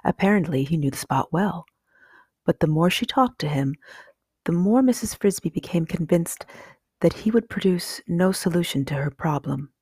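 A woman reading a children's novel aloud in calm, measured audiobook narration. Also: lowish voice, slightly rough, dry recording, clean studio sound. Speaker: reader.

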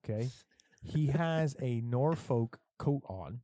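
A man's voice: mid-range voice, animated, takes it slowly, mellow, dry recording. A middle-aged man telling stories in casual, profane chat, as a podcast host. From Puerto Rico heritage. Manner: profane, storytelling, emphatic.

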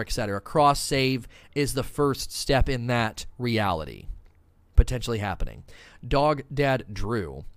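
Excitable man streaming live commentary. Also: medium pitch, no echo. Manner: excitable, quick bursts of enthusiasm with fillers.

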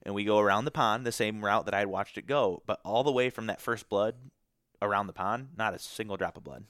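A man from Michigan tells a story as a podcast guest, talking fast and loose with lots of "like"s and with real feeling in his voice. His voice sits a little low, and the sound is close and dry, with no room around it. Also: a bit bright, no echo. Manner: emotional, many "like" fillers. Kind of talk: casual storytelling.

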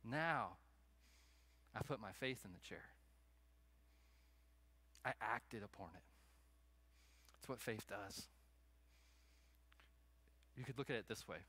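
A man preaching a sermon to a congregation, animated, acting out little scenes in raised voices. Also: lowish voice, slow pace, pauses often. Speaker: pastor.

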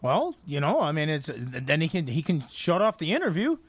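A man co-hosting a sports radio show, talking casually and quickly and stumbling into restarts. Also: a little high, wildly swooping pitch, slightly rough, no room sound. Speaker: co-host. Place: radio studio.

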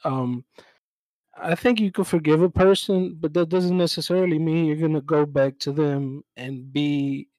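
A man's voice: fairly high pitch, fairly even intonation, darkish tone, no echo, rough recording. Young man musing reflectively. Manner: measured, reflective with frequent "um" and "you know". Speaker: podcast co-host. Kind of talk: casual chat.

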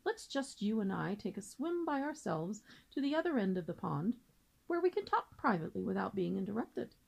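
A woman's voice: mid-range voice, sing-song, normal speed, gravelly, darkish tone, slightly rough, heavily acted. A woman reading aloud and voicing a pompous, long-winded male father swan who lectures formally.

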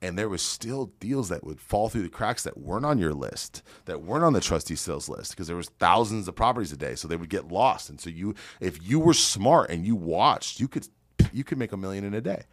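Brash investor guest, low and gravelly-deep, talks fast and swears constantly. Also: male voice, no room sound, clean studio sound. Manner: brash, swearing, boastful, animated. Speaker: real estate investor guest. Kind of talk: profane storytelling on a podcast.

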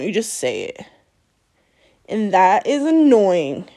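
A podcast host delivers a solo rant, cursing bluntly at her audience, scolding them, and laughing in between. She speaks slowly in a mellow, high-leaning voice with big swings in pitch.

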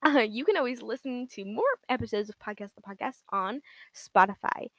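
A woman's voice: a little high, a little fast, a bit bright, no echo. A young woman hosting her own podcast, talking casually in a rambling, giggly way full of "like" and "um.". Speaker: podcast host. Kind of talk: casual solo podcast monologue.

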